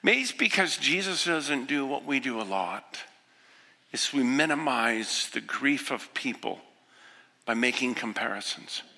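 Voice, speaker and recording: Gravelly man in his sixties preaching. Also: medium pitch, lively intonation, measured pace. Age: 60s. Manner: earnest, swings from hushed to impassioned. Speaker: pastor. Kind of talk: sermon. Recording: echoey hall with long reverb.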